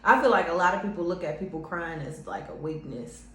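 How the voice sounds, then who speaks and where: A woman's voice: fairly low pitch, fairly quick, a bit bright. A woman hosting a podcast in casual chat, blunt and profane, laughing easily as she talks. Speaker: podcast host. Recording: echoey room with faint background noise.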